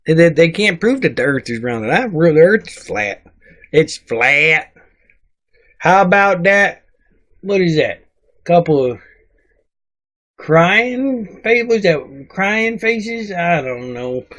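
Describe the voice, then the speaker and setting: A man's voice: fairly high pitch, expressive, takes it slowly, long pauses, fairly bright tone. A man voicing a cranky, crude male dwarf sidekick who rambles, mocks and talks in rustic grammar. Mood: grumpy. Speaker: sidekick reading comments. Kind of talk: comedic comment reading.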